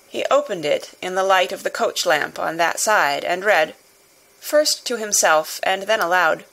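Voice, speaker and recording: A woman narrating a classic novel in a measured, even storytelling manner. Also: fairly low pitch, creaky, poor audio. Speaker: audiobook narrator.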